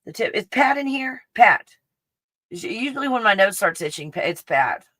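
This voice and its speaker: A woman's voice: medium pitch, big pitch swings, moderate pace, fairly bright tone, no echo, poor audio. A woman from Texas with a faint Texas accent, chatting casually on a livestream, reading viewer comments, swearing freely and laughing often. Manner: profane and candid, laughs often.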